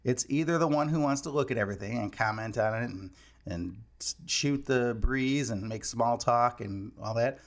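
Man, casual comedic monologue, storytelling, acts out quotes, gravelly, mid-pitched voice. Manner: storytelling, animated quoting of others. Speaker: host.

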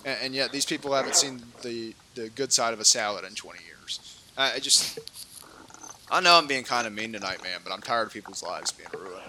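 A man's voice: medium pitch, expressive, a little fast, pushed and bright, a little hiss or hum. A man co-hosting a political podcast, ranting heatedly with many repeats and restarts. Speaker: podcast co-host.

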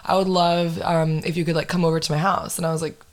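A young woman in her twenties, a podcast host telling a dating story in casual chat, animated and full of "like". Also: sits low, fast talker. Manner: animated, heavy use of "like".

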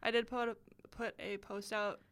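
A woman's voice: mid-range voice, level tone, normal speed, fairly bright tone. A young woman co-hosting a podcast, chatting casually in an easygoing, agreeable way. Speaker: podcast co-host. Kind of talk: casual chat.

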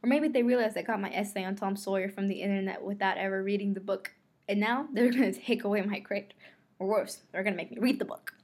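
A woman reads a novel aloud in an expressive first-person voice. Her pitch sits in a mid range, and now and then she rereads a line after stumbling. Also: fast. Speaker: audiobook reader.

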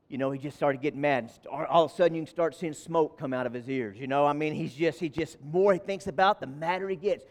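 A high-voiced man preaching as pastor in a church. He repeats words and phrases, swinging from loud, ringing calls down to near-murmurs, and breaks out in fervent exclamations. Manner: moves around while preaching. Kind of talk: sermon.

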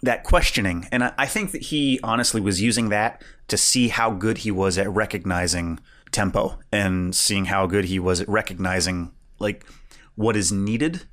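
A man's voice: on the low side, moderate pace, fairly bright tone. A man co-hosting a film podcast, talking in a laid-back way and often chiming in with agreement. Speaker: podcast co-host. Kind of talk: casual film review chat.

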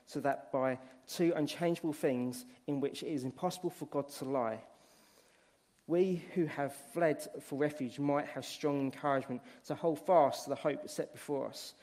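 Earnest male preacher at mid pitch. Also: darkish tone, long reverb tail. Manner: earnest, restarts phrases while retelling stories. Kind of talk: sermon.

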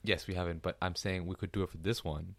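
Guy cohosting a podcast, really low voice, dry close sound, jokey and eager. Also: fairly even intonation, quick pace, vocal fry, no room sound. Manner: joking, eager. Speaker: podcast co-host. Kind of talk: casual chat.

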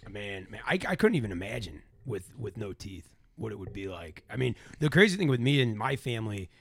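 A man with a raspy, growly voice, a podcast host asking rambling questions in casual chat. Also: lowish voice, sing-song, fairly quick.

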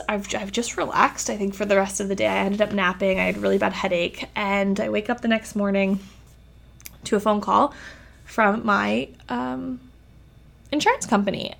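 A woman's voice: medium pitch, steady tone, normal speed, creaky, a bit bright. A woman vlogger telling a personal story in a chatty, casual way, with lots of "like". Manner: chatty, uses "like" a lot.

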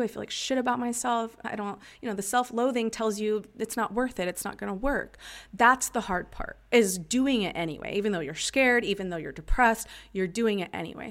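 A woman in her thirties hosting a casual podcast, talking candidly with frequent swearing and laughter, and guiding listeners through breathing exercises. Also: a little high. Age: 30s. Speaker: podcast host and life coach. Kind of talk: casual confessional podcast talk.

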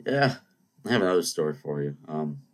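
A young man with a very deep, low voice spins rambling anecdotes for a podcast. He drifts off on tangents, restarts his sentences and keeps circling back with asides. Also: lively intonation, brisk. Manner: meandering, many restarts and asides. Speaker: podcast host.

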